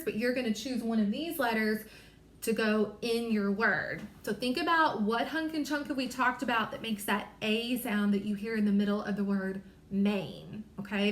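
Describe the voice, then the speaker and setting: Encouraging woman teaching phonics, slightly high. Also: a bit bright, echoey room. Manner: slow, careful sounding-out of letters and words; apologetic, encouraging. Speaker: reading teacher. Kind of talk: small-group phonics lesson.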